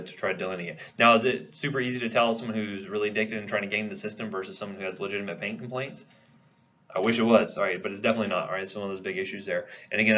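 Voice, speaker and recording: A man's voice: fairly low pitch, a bit bright, highs cut off, slight background noise. A man giving a classroom lecture in a conversational way, posing questions to the class and answering them himself. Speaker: pharmacology lecturer.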